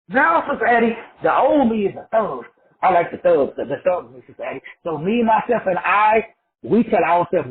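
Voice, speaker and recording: A man's voice: high-pitched, very animated, normal speed. A man giving a rambling, profane motivational talk with a street-preacher cadence. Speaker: motivational speaker. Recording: tinny phone-like audio with faint background noise.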